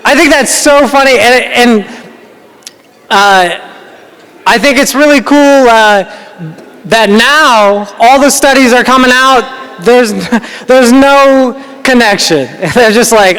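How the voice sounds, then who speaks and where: A man's voice: very high-pitched, a bit bright, clear, resonant tone. A man from the United States doing a stand-up comedy set, rambling and self-deprecating, often laughing at his own jokes. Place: large banquet hall. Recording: reverberant hall.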